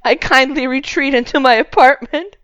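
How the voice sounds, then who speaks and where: Blunt, high-voiced woman who swears casually. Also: moderate pace, fairly bright tone, clear, resonant tone, dry recording. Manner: blunt, swears freely, self-mocking. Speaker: vlogger, wife. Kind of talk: casual couple chat.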